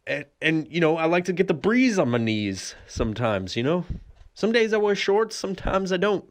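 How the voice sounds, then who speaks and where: A man's voice: high-pitched, very animated, moderate pace. A man hosting a solo podcast, telling a rambling, profane comic story and laughing often. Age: adult with a son. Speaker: podcast host.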